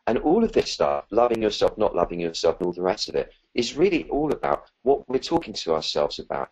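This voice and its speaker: A man's voice: lowish voice, breathy edge, poor audio. A man answering questions as a spiritual teacher in a live talk, earnest and rambling, with many fillers and restarts.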